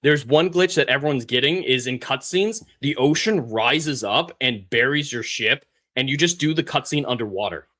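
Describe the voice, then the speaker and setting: Bright-voiced man ranting sarcastically. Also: mid-range voice, animated, moderate pace, hardly any pauses. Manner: sarcastic, ranting storyteller who mimics characters. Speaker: podcast co-host. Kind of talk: casual chat.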